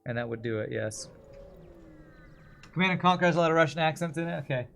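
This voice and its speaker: A man's voice: a little high, expressive, moderate pace, vocal fry, a bit bright. A man streaming a strategy game, chatting casually and answering viewers' comments while he plays. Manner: chatty, reads and answers chat while playing.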